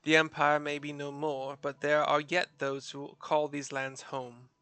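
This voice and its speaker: Steady resolute woman soldier, voiced by a man, slightly raised, bright tone. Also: fairly high pitch, unhurried, smooth, no echo.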